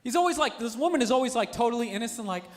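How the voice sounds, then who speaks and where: Male stand-up comic, animated rant, high lively pitch. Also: rapid-fire. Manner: animated ranting with shouts. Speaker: stand-up comedian. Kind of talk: stand-up comedy. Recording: noisy stand-up clip.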